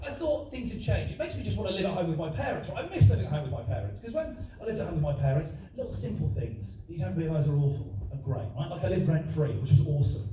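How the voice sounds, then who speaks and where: A cheeky man in his twenties does a stand-up set, talking quickly and bouncing his high voice all over. He sounds far from the mic in an echoey theatre. A laughing crowd fills the room. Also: animated. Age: 20s. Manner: cheeky, teasing, rapid banter. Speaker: stand-up comedian. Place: large theatre. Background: audience laughter.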